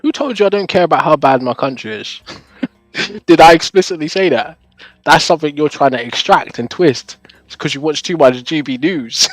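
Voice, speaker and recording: A man's voice: a little high, normal speed, dry recording, faint music behind. A young man on a live stream, chatting casually to his viewers. He laughs often, swears, and keeps tagging his points with "right?". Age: young adult.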